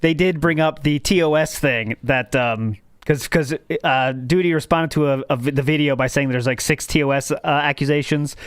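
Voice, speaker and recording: A man's voice: on the high side, normal speed, few pauses, clean tone, no room sound. A man hosting a casual podcast, rambling and correcting himself as he talks. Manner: rambling, self-correcting, laughs at own jokes. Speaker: podcast host.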